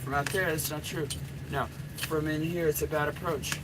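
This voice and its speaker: A man's voice: on the high side, fairly even intonation, moderate pace, very noisy. A middle-aged man, a dating coach, giving a blunt, profanity-laden and rambling coaching rant.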